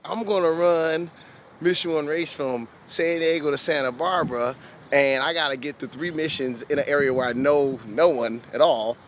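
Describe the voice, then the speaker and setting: A man's voice: fairly high pitch, moderate pace, a little hiss or hum. A man running a long charity run, talking casually and earnestly to his camera over background music. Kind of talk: casual vlog talk.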